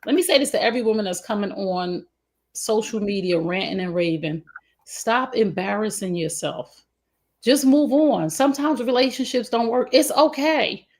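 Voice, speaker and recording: A woman's voice: medium pitch, normal speed, darkish tone. Outspoken woman co-host giving blunt advice. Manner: outspoken, emphatic, preachy advice. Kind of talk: casual relationship talk show.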